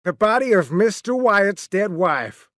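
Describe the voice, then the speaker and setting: A man's voice: high voice, very animated, measured pace, dry recording, clean studio sound, voice pushed up, heavily acted. A man voicing a commanding ship captain who barks orders. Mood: grave. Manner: shouting orders.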